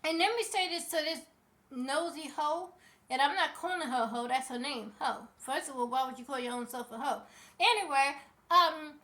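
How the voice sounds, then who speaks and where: High-pitched female vlogger, heated celebrity commentary, sassy and outspoken. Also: bright, forceful tone. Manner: passionate, sassy, speaks straight to people.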